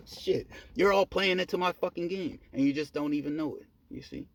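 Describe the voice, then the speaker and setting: A man telling a personal story in a casual monologue, profane and animated, laughing at himself. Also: fairly high pitch, moderate pace. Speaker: storyteller vlogger.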